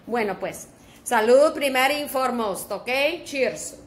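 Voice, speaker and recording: Switching between English and Spanish and swearing freely, a home cooking vlogger from Southern California chats while she cooks. She speaks at a measured pace with a high pitch and lively intonation, over a faint hiss or hum.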